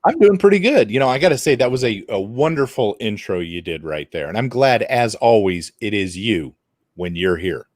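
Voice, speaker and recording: A man's voice: lowish voice, expressive, normal speed, darkish tone, no echo, clean studio sound. A man co-hosting a casual podcast, bantering in an easygoing, playful way. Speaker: podcast co-host.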